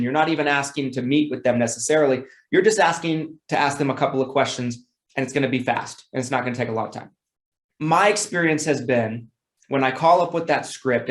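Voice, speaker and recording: Casual male sales trainer, roomy sound. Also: medium pitch. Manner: demonstrates phone scripts with bright, excited tones; casual, repeats words, self-corrects.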